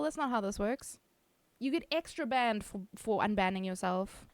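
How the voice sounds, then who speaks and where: A woman's voice: mid-range voice, expressive, moderate pace, no echo. A woman streaming live, chatting casually, reading chat aloud and laughing often.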